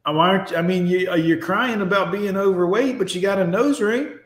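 Reacting to videos on a casual stream, a host in his forties talks fast in a high-sitting, steady voice. He's blunt, sarcastic and profane, and the room is echoey.

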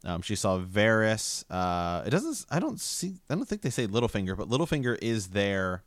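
A man co-hosting a podcast, reading a book aloud haltingly with fillers and stumbles. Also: lowish voice, sing-song, no room sound, clean studio sound. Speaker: podcast co-host.

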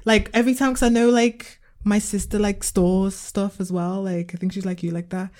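A woman's voice: mid-range voice, fairly even intonation, moderate pace, mellow. A young woman co-hosting a podcast, chatting casually with a laid-back, joking manner. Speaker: podcast co-host. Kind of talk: casual chat.

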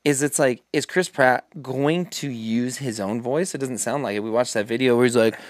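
A man's voice: medium pitch, normal speed, no room sound, studio quality. A man co-hosting a casual chat, ranting with sarcastic asides. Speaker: podcast co-host.

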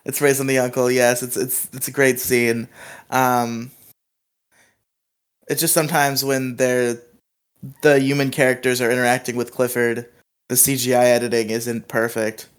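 A man's voice: medium pitch, flat delivery, moderate pace, clear, resonant tone. A young man hosting a casual movie review podcast, chatty and teasing, often laughing. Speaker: podcast host.

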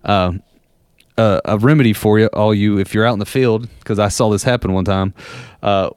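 A man's voice: fairly low pitch, steady tone, moderate pace, darkish tone, smooth, dry recording, clean studio sound. A man in his thirties or forties casually telling rambling, profane stories and laughing at them as he goes. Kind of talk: casual storytelling chat.

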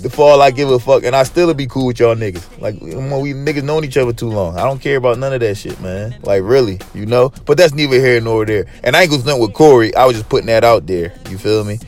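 A man's voice: mid-range voice, fast talker, hardly any pauses, a little mellow. Give me a man hosting a solo podcast, profane and rambling, with faint music underneath. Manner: profane, rambling, hyped street talk addressed to listeners. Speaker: podcast host. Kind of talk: casual solo podcast monologue.

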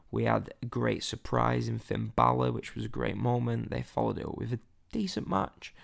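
Gravelly man reviewing wrestling. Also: mid-range voice. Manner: chatty, opinionated, animated storytelling. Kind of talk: casual solo review.

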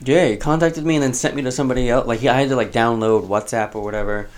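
A man co-hosting a podcast, chatting casually and reading out news in a flat, deadpan way. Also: mid-range voice, fast talker. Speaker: podcast co-host.

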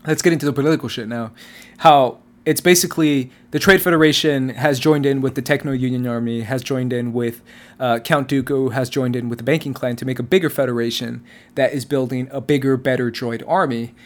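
A man in casual chat, animated and swearing, mocking movie dialogue in put-on voices. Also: medium pitch, a little fast.

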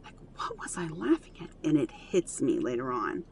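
A mother earnestly telling a personal family story in a casual, animated way, full of fillers. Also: sits low, normal speed, vocal fry, a little hiss or hum.

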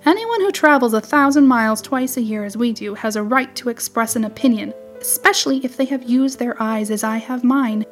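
Faint music backs a storybook reading where a woman plays a fussy little wren with a sharp tongue. Her fairly high, lightly acted voice stays tart and quick to reprove as the bird chatters on. The mood here is chattering.

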